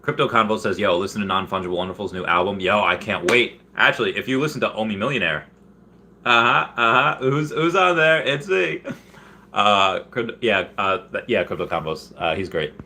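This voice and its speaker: A man's voice: lively intonation, brisk, slight background noise. A man hosting a casual livestream, reading viewer comments aloud and rambling with frequent laughs and restarts. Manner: bursts into high, loud put-on voices when quoting. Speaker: livestream host.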